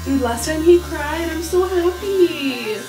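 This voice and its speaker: A woman's voice: extremely high pitch, slow pace, over music. A young woman chatting to camera at home for her family vlog, bubbly and talkative, laughing often and mixing in Spanish words. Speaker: family vlogger and mother. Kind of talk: casual vlog chat to camera.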